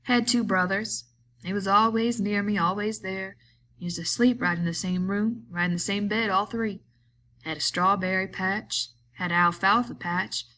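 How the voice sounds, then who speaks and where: A woman voicing a bitter, lonely man who taunts a friend, in a slow, drawling rural way of talking. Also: mid-range voice, steady tone, bright, forceful tone, slight background noise, close to an everyday voice. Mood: brooding.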